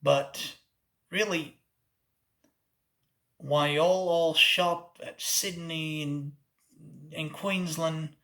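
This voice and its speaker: Bright-voiced Oklahoma man hamming up accents. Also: fairly high pitch, fairly even intonation, drawn-out words, pauses often. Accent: Southern US. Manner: switches between put-on accents, playful. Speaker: host. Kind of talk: comedic monologue doing accent impressions.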